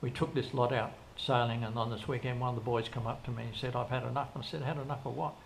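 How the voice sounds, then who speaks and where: A gravelly older man tells stories as an interview guest, rambling casually with frequent restarts and quoted dialogue. His mid-range voice holds a steady tone at a fast pace, over faint background noise.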